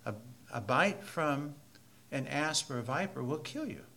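A man teaching a Bible study class, slow and deliberate, repeating key phrases with building emphasis. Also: on the high side, lively intonation, pushed and bright.

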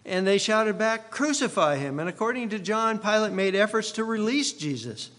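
Male pastor, emphatic sermon delivery with repeated phrases, slightly high voice, long hall reverb. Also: lively intonation, normal speed, fairly bright tone. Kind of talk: expository sermon.

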